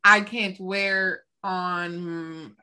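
A young woman with a North Carolina accent co-hosting a podcast, talking in an animated, opinionated way and laughing easily. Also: lowish voice, drawn-out words, clean tone. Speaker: podcast co-host. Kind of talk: casual chat.

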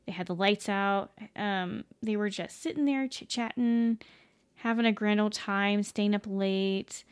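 A woman's voice: mid-range voice, measured pace, clear, resonant tone. A woman casually telling a ghost story at home, rambling with many fillers, self-corrections and casual swearing. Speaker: podcast host.

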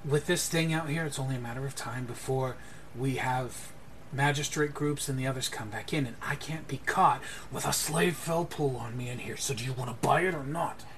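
A man voicing a shifty, nervous male dealer in a tabletop game, talking in a hurried, evasive way. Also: medium pitch, a bit bright, a little hiss or hum, natural voice. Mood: pushy.

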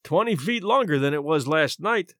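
A man's voice: fairly high pitch, lively intonation, normal speed, a bit bright, dry recording. A man voicing a wry, solemn young man in a story reading. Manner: dry, solemn.

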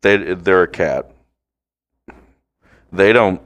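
A man co-hosting a podcast in casual, crude chat, joking around with drawn-out bits. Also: deep voice, fairly bright tone. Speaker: podcast co-host. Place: home.

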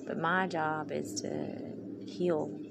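Gravelly valley-girl woman podcaster. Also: low voice, flat delivery, slow. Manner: rambling, heartfelt, valley-girl lilt. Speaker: podcast host. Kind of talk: casual personal monologue. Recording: noisy recording.

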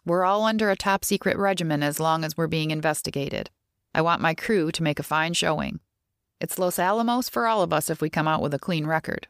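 A woman's voice: low-pitched, a little fast, dry recording, studio quality. A woman reading the lines of a businesslike male lab boss giving instructions, in a storybook reading. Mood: brisk. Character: brisk middle-aged male lab boss.

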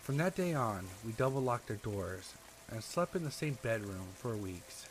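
A man's voice: medium pitch, big pitch swings, moderate pace, a little hiss or hum. A man narrating true horror stories in a dramatic, scripted storytelling style.

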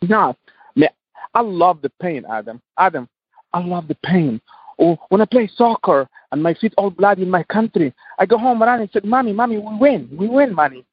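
A man's voice: high-pitched, expressive, normal speed, husky, no room sound, lo-fi sound. A man, a podcast guest, speaking passionately in emphatic, repetitive English. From Tunisia. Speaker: guest entrepreneur. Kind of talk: podcast interview.

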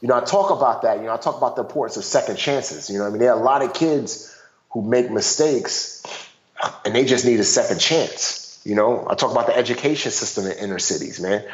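A man, a guest and author, telling personal stories in an animated casual way, full of "you know" fillers. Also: mid-range voice, fast. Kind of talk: casual storytelling conversation. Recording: dull roomy sound.

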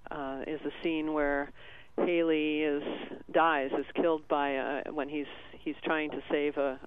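A man calling in to a radio show, telling a personal story in a halting, tearful way with many restarts. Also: fairly high pitch, clean tone. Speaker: caller. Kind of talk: emotional call-in storytelling. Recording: tinny phone line.

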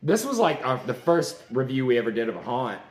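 A man's voice: mid-range voice, sing-song, fairly quick, echoey room. Profane rambling male podcast host. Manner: loose, profane storytelling with frequent fillers. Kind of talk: casual chat.

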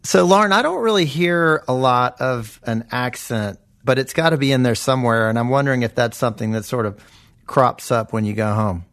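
A man hosting a casual interview podcast. His voice has a middle pitch. He talks in an easygoing way and laughs readily along with his guest. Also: a little fast, a bit bright. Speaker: podcast host, magazine editor.

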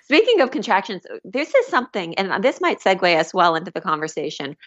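A woman guest on a podcast, an author telling stories in an animated way. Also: mid-range voice, brisk, lo-fi sound. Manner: animated storyteller, warm laughs. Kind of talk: casual chat.

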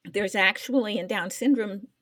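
A woman's voice: mid-range voice, moderate pace, fairly bright tone, no echo. An older woman, a podcast co-host, telling an emotional personal story in casual chat, trying to hold back tears.

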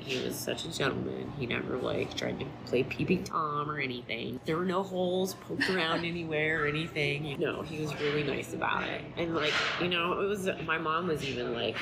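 A woman being interviewed tells a story in a chatty, rambling, casual way. Her voice is very low and gravelly with creak. Steady background noise runs under the recording. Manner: chatty, rambling anecdote with laughs. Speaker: interviewee, friend of the subject. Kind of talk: casual recollection.

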